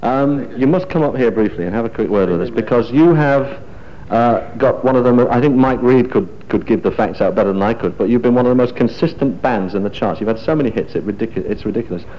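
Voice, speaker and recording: A man's voice: mid-range voice, fast. A man hosting a live awards show, bantering and joking with his guests. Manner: jokey, chatty banter with guests. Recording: lo-fi broadcast sound.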